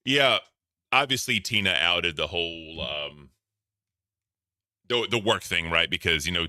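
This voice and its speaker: Casting: low, bright, crisp-voiced male host, relaxed delivery. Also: dry recording, studio quality. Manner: laid-back, filler-heavy. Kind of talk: casual chat.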